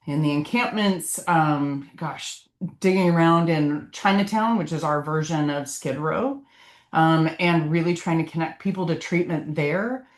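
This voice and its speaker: Low-voiced woman, earnest lecturer. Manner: earnest, heartfelt. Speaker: physician presenter. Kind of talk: casual continuing-education lecture. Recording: echoey room.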